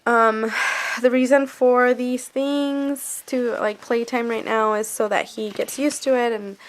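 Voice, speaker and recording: A woman's voice: steady tone, slow. A young woman vlogging as a mother, talking anxiously and rambling with fillers and trailing thoughts. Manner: breaks into high playful baby talk with her son. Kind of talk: casual vlog to camera.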